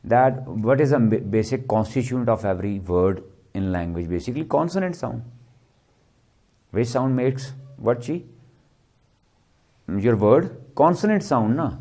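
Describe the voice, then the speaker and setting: A man giving a classroom lecture, often asking his students "clear?" and answering his own questions. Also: fairly low pitch, dark tone. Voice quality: repetitive, question-and-answer teaching style. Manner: checks understanding with frequent "clear?" and "ji".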